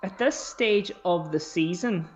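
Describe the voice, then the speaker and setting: A man co-hosting a podcast in casual chat, chatty and animated, swearing freely as he talks. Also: sits high, a little slow, a little hiss or hum. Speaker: podcast co-host.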